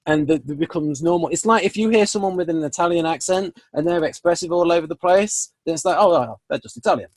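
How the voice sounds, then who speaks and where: A man's voice: fairly high pitch, fast talker, hardly any pauses, a little mellow, no echo. A man talking thoughtfully with a guest about personality styles, agreeing and adding examples. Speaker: channel host. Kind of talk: conversational discussion.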